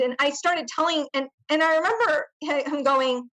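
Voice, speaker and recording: Middle-aged woman guest, high voice, halting emotional testimony full of restarts. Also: fairly bright tone, rough recording. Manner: halting, many fillers and restarts, emotional retelling. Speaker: podcast guest. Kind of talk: personal testimony in interview.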